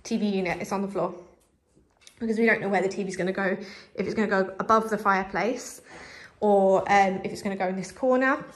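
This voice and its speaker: A woman's voice: medium pitch, fairly even intonation, fairly quick. Chatty, slightly breathless woman. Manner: chatty, lots of fillers. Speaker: vlogger. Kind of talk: casual house tour. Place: house, indoors.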